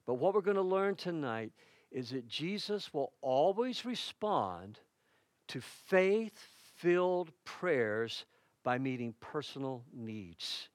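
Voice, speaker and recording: A middle-aged male pastor delivers his sermon in a fairly high voice. He tells stories with dramatic flair, acting out loud shouts, then sinks to a soft hush when he prays. The sound is close and dry. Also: big pitch swings, slow, no echo. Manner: storytelling preacher who dramatizes quoted shouts; drops to a soft, hushed tone in prayer.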